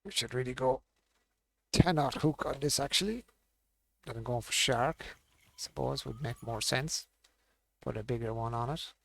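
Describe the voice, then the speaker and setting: Man, gravelly voice, mid pitch, casual streamer, mutters to himself. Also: moderate pace, long pauses. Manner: muttering to himself, thinking aloud. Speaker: gaming streamer. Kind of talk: casual live-stream commentary.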